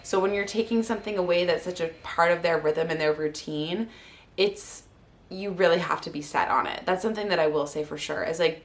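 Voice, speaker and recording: Gravelly-voiced mother on the verge of tears. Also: fairly low pitch. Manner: heartfelt, rambling with many fillers. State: close to tears. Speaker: vlogger and mother. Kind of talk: candid personal vlog.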